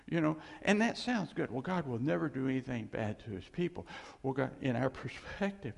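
Husky preacher in an echoing hall. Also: male voice, medium pitch, fairly quick. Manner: animated, self-deprecating, rambling asides. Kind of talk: informal sermon.

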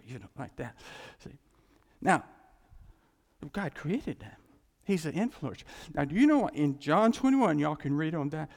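A man preaching a sermon, folksy and animated, acting out scripture scenes. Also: sits high, normal speed, big-room sound.

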